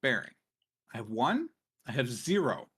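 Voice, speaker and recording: Man streaming, lively muttering voice. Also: mid-range voice, moderate pace, husky. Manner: mutters to himself while crafting items. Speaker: game streamer. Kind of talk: casual gameplay chat.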